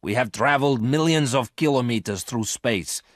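A man voicing a scheming male space thief who speaks sharply and forcefully, in a dry, close recording. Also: mid-range voice, lively intonation, normal speed, dry recording, natural voice. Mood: commanding.

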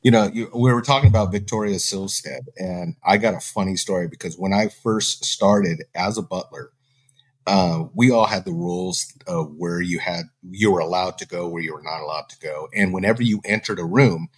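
A man hosting a podcast who tells an anecdote in a casual, animated way, acting out his own reactions. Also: deep voice, moderate pace, breathy edge. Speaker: podcast host, former butler. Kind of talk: casual storytelling.

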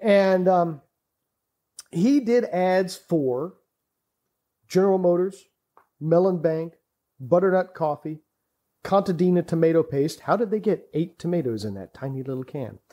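A man with a high, mellow voice chats on a podcast mic, spinning anecdotes with real enthusiasm. He laughs easily as he goes, and his tone stays soft rather than bright. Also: lively intonation, unhurried, pauses often. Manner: chatty, enthusiastic storytelling, laughs often. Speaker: podcast guest. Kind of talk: casual podcast chat. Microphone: studio podcast mic.

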